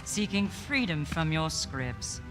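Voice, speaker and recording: A woman voicing a cryptic, haughty seer of fate who mocks her visitors in slow, cold pronouncements. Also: low voice, big pitch swings, heavily acted. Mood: mocking. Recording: echoey with music behind.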